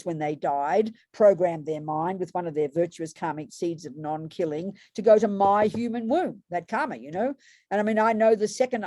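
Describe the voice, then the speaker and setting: A woman in her seventies, a Buddhist nun, giving a frank, animated teaching talk over a video call. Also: fairly low pitch, dry recording, clean studio sound. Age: 70s. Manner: frank, animated, acts out inner voices.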